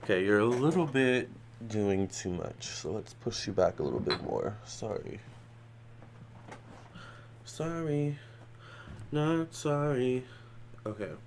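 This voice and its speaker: A man's voice: lowish voice, animated, moderate pace, a little hiss or hum. A man giving a casual psychic tarot reading in a chatty, loose way, with many fillers and restarts. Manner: prays softly. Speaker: tarot reader.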